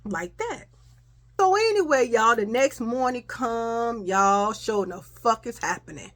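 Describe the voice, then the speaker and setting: A young adult woman casually telling a childhood story to her viewers, animated and chatty. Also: on the high side, unhurried. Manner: animated, addresses viewers as y'all.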